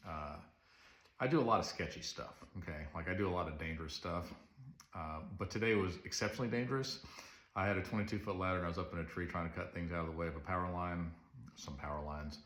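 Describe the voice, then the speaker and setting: A man's voice: low voice, a bit bright. A man telling a rambling, earnest story straight to camera in a casual confessional monologue. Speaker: vlogger. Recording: roomy echo.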